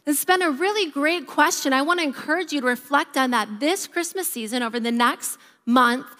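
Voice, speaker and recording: A woman in her thirties, a pastor giving a sermon and telling stories with a lively, varying pace. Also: high voice, fairly quick. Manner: lively storytelling, varied pace. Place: church auditorium. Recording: reverberant church hall.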